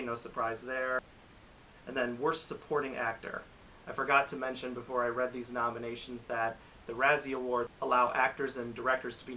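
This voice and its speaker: Bright-voiced exasperated young man reviewing movies. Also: mid-range voice, recorded from a distance, slight background noise, poor audio. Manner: rambling, exasperated, restarts a lot. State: recovering from a cold. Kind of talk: casual commentary to camera.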